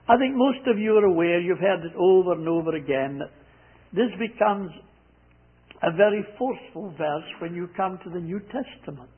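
A man preaching a sermon, repeating scripture lines slowly and with emphasis. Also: high voice, breathy edge. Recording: tinny phone-like sound.

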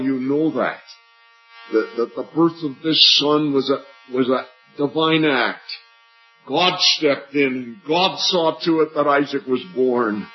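An older male preacher giving an earnest evangelistic sermon at a church meeting, climbing high on questions and dropping low and soft on key lines. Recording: muffled lo-fi recording with faint music.

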